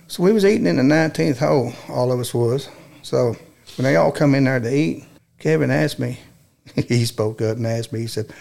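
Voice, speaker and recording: Man, gravelly voice, folksy storyteller who chuckles through his tales. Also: mid-range voice, fairly quick, darkish tone. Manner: folksy, laughing while telling a prank story. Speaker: staff member telling a story. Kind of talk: casual storytelling chat.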